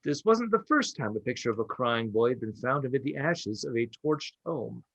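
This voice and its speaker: A man's voice: mid-range voice, expressive, normal speed, vocal fry, fairly bright tone, dry recording, rough recording. Wry man reading a spooky tale. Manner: wry, storytelling delivery with asides. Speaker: podcast host. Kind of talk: reading a prepared story with banter.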